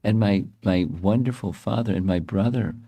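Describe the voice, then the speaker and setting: A man voicing a young married goddess who longs tearfully for her parents, in a softer, plaintive tone. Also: fairly low pitch, normal speed, creaky, breathy edge. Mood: longing, tearful.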